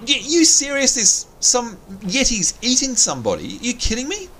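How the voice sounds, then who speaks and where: A man's voice: very high-pitched, wildly swooping pitch, moderate pace, sharp tone, slight background noise. A man hosting a let's play, chatting through gameplay and panicking and yelping when he is scared. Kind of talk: gaming commentary.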